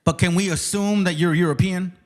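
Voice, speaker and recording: A high-voiced man with fairly even intonation and a brisk delivery hosts a live online debate stream. He's combative and profane, constantly interrupting and repeating himself.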